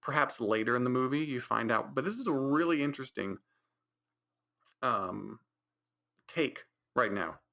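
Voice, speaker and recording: A man's voice: medium pitch, animated, a little slow, creaky, pauses often, bright, forceful tone. A man hosting a podcast, rambling through a mocking recap of a movie with many restarts and put-on reactions. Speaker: podcast host.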